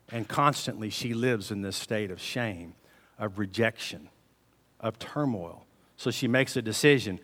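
A man preaching a sermon, telling the story with animated swings between loud emphasis and hushed delivery. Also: on the low side, moderate pace. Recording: long reverb of a large hall.

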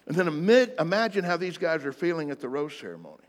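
A man preaching a sermon to a congregation in a church hall, emphatic, swinging between loud declarations and soft asides. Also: on the high side, sing-song, fast talker. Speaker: pastor. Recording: long hall reverb, faint music behind.

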